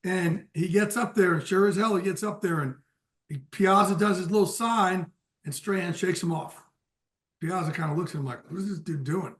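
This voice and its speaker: A man guesting on a sports podcast, telling an animated anecdote and laughing often as he goes. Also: sits high, normal speed. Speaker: guest football insider.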